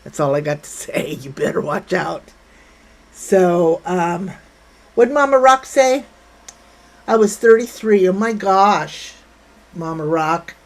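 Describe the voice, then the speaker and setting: A woman's voice: mid-range voice, animated, takes it slowly, rough recording. An older woman hosting a casual livestream, blunt and brash, chatting with viewers and reading their comments. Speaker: livestream host.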